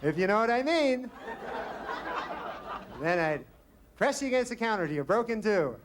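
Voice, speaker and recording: A man voicing a creepy, unhinged male bachelor who speaks in a slow, suggestive drawl, in a noisy live stand-up recording. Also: high voice, very animated, crowd noise. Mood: leering.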